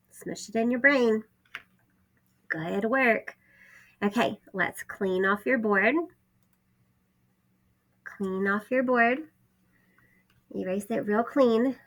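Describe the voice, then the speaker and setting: A woman teaching a phonics lesson to first graders, sounding out letters and words slowly and clearly. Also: medium pitch, sharp tone. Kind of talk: phonics lesson for young children.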